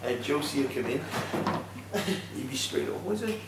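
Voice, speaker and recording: A man chats casually and gives easy instructions, his voice far from the mic. The room rings heavily around him and loud noise covers the recording. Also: fairly high pitch, lively intonation, normal speed. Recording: distant echoey noisy feed.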